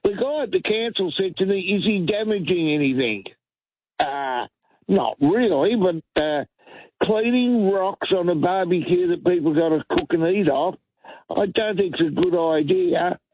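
A man's voice: high voice, expressive, unhurried, breathy edge, no room sound. A man with an Australian accent calling into talk radio, telling a rambling, indignant story and acting out the quotes. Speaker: caller. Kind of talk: rambling phone-in anecdote. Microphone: telephone. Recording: tinny dry phone line.

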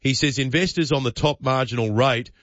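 A man's voice: mid-range voice, fairly quick, a bit bright, no room sound, dull audio. An Australian man hosting a breakfast radio show, delivering opinion commentary with punchy, emphatic rhetoric. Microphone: studio microphone.

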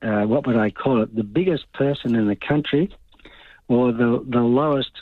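A man's voice: medium pitch, normal speed, dry recording. An older Australian man calling in to talkback radio, blunt and opinionated, rambling as he goes. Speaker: caller. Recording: tinny phone line.

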